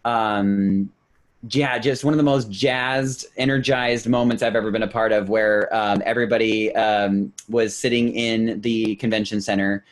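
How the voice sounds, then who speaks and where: Excitable man telling a fan story. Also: lowish voice, a little slow. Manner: excited storyteller, acts out quotes. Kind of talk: casual chat.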